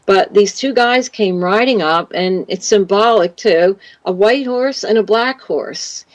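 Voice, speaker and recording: A woman's voice: medium pitch, measured pace, no room sound. A woman guest telling a long personal story in an interview, rambling with fillers and restarts.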